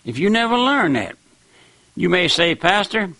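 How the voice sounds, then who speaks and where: A man's gravelly, bright voice drives a fervent radio sermon, emphatic and dogmatic. He speaks a little high and sounds close and dry. He keeps pressing listeners to listen. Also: sing-song, a little slow, dry recording. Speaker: radio preacher.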